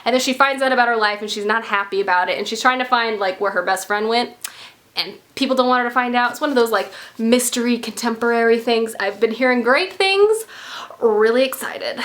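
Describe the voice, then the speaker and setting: A young woman from the United States, a book vlogger talking casually and excitedly, gushing with lots of "like" fillers. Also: fairly high pitch, a little fast. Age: young adult. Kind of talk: casual book haul chat.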